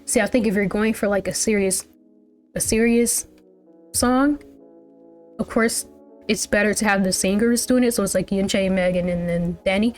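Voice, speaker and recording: A woman hosts a casual music reaction, rambling from thought to thought with plenty of fillers and self-corrections. Her voice sits in an ordinary middle pitch. Faint music hums in the background. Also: fairly even intonation, moderate pace, pauses often. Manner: rambling, chatty, full of "like" and restarts. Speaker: music reaction channel host.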